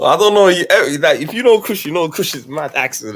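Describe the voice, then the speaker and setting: A man's voice: on the high side, expressive. Teasing young British man. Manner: teasing, slangy, quick-fire. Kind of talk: casual banter on a live stream.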